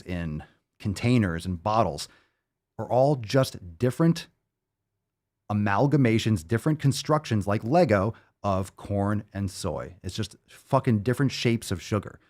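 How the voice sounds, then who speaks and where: A man's voice: lowish voice, darkish tone. A male podcast host ranting bluntly and profanely in a monologue.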